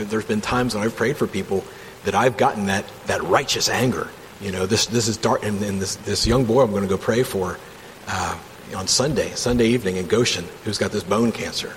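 A man leading a casual Bible study from home, reading passages and commenting with enthusiasm in a conversational way. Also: on the low side. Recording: long reverb, faint background hum.

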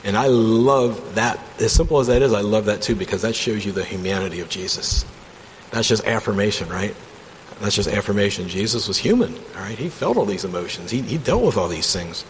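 A man's voice: lowish voice, lively intonation, a little fast. A man leading a casual Bible study from home, reading passages and commenting with enthusiasm in a conversational way. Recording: long reverb, faint background hum.

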